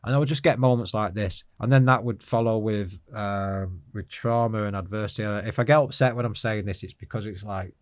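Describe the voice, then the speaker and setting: A low-pitched man recounts his past as an interview guest, earnest and frank, wandering through the story with asides. The sound is dry and close. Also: fairly quick, hardly any pauses, no room sound. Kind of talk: candid life-story interview.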